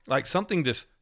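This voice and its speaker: A man co-hosting a Christian podcast, telling a personal spiritual experience in a casual, animated way, laughing often and restarting his sentences. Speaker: podcast co-host. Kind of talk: casual faith testimony.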